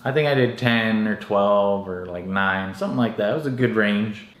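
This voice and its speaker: A drained young fitness vlogger talks in a deadpan, self-mocking way, swearing offhandedly. His voice sits a little low, and the room around him rings with echo. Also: moderate pace. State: drained and lightheaded from dieting. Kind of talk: casual vlog talk. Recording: echoey room.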